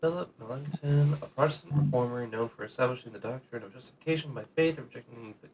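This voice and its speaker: A man's voice: medium pitch, fast talker, darkish tone, slight background noise. A man streaming a video game, chatting casually and reading characters' lines aloud in his own voice.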